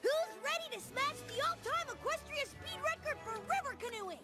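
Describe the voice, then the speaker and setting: An actress voicing a brash, boastful tomboy pegasus in a cartoon, talking fast and pushy, with a slightly raspy edge. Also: female voice, very high voice, big pitch swings, exaggerated voice. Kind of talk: cartoon voice acting. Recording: studio voice over cartoon music.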